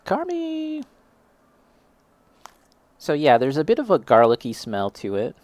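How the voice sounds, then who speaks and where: A man's voice: medium pitch, sing-song, fairly quick, darkish tone, dry recording. A young man casually chatting as he tastes and reviews snacks, self-deprecating and reacting as he eats. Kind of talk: casual snack tasting chat.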